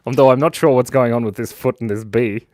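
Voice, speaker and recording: A man's voice: medium pitch, a little fast, darkish tone, no echo, studio quality. A cheerful, chatty man hosting a live drawing stream, constantly thanking viewers, on a clip-on mic. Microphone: clip-on lapel mic.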